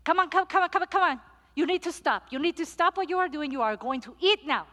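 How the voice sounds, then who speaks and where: Woman playing an insistent pantry cook, high-voiced and pushy but loving, in a reverberant hall. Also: expressive, quick pace, bright, forceful tone, heavily acted. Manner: insistent, repeating herself. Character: bossy, loving woman who cooks for a food pantry.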